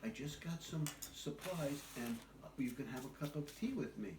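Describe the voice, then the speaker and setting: An older man voicing a kindly, hospitable male faun in a bedtime story, speaking quickly and warmly. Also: a little high, expressive, natural voice. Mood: inviting. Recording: echoey, distant, noisy home recording.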